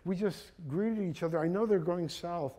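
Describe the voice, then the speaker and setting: A man voicing an excited male childhood friend, talking in a raised, insistent way. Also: high voice, moderate pace. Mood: hearty, chiding.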